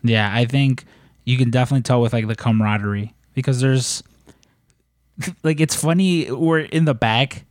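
A man chatting casually about his coworkers, halting and full of "like". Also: medium pitch, no room sound, studio quality. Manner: hesitant, lots of "like" and restarts. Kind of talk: casual chat.

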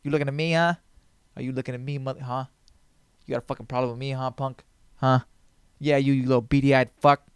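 A man's voice: medium pitch, flat delivery, fast talker, clean tone, dry recording, clean studio sound, natural voice. A man voicing a confrontational street tough guy in a harsh, put-on Italian-American accent. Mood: menacing.

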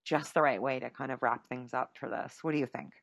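A woman's voice: rumbling low, fairly even intonation, fairly quick, dry recording, studio quality. A woman hosting a podcast in a playful, chatty way, often laughing as she talks. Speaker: podcast host. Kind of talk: casual chat.

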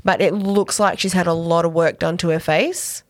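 A woman's voice: on the low side, fairly even intonation, moderate pace, no echo, studio quality. A woman co-hosting a podcast, chatting casually about a TV episode with lots of laughs and fillers. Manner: chatty, giggly, with frequent fillers. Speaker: podcast co-host. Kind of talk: casual chat recapping a TV episode.

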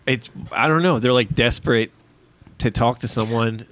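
A man's voice: mid-range voice, moderate pace, a bit bright. Blunt, wry man in casual chat. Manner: blunt, profane, wry storyteller. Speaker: podcast host.

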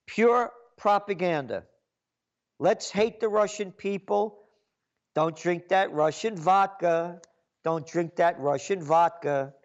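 A man's voice: high-pitched, dull audio. A man giving an indignant, repetitive political rant as a commentator.

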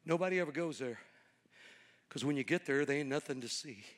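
A medium-pitched man with lively intonation preaches briskly, telling stories in a folksy, conversational sermon that builds into fervent cadence. The long reverb of a large hall surrounds his voice.

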